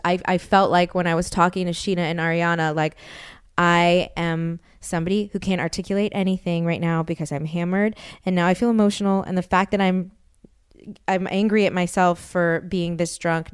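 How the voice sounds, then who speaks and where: A woman in her thirties hosts a podcast, delivering a candid, emotional personal monologue with frequent restarts and self-deprecating laughter. Her fairly low voice is smooth, and the clean studio recording is dry.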